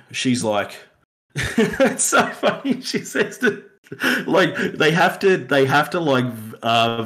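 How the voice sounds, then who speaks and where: A man's voice: on the low side, fairly bright tone. A man with an Australian accent co-hosting a podcast, rambling through a casual film review, laughing and acting out lines from the film. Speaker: podcast co-host.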